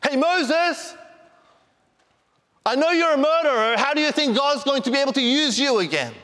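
A sneering devil, as a preacher puts him on, jabbing at his target with one accusation after another. The voice rides high and thin, and a long hall reverb trails each taunt. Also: lively intonation, moderate pace, pushed and bright, exaggerated voice.

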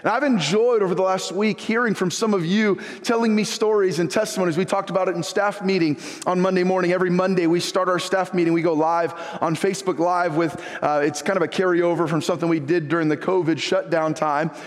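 A man's voice: sits high, steady tone, brisk, hardly any pauses. A male pastor preaching a sermon in a church, telling stories in a conversational, folksy way and posing rhetorical questions to the congregation. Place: church sanctuary. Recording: long reverb of a large room.

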